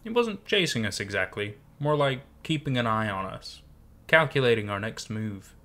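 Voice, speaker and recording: A man narrating a scary story in a measured, hushed way. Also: lowish voice, animated. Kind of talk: scripted horror story narration.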